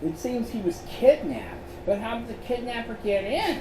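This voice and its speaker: A man's voice: very high voice, lively intonation, normal speed, recorded from a distance, background noise, pitched above the performer's own voice. A man voicing Luan, a curious young girl asking questions. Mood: puzzled. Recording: roomy echo.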